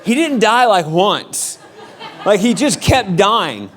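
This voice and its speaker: A male pastor delivers a relaxed sermon, telling funny personal stories. His voice sits a little high for a man. He speaks to the congregation like friends, mixing jokes with his point. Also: slow, some chatter behind. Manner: casual, humorous storytelling with acted-out quotes.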